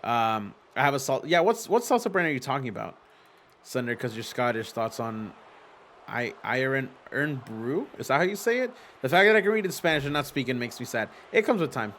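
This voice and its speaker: A man hosts a casual livestream from home in front of a green screen. His voice sits at a middling pitch, and he talks in an easygoing, animated way. He reads viewer messages aloud, swears freely and laughs often. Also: fairly quick, slight background noise. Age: adult with young children. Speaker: streamer hosting a simulated wrestling league.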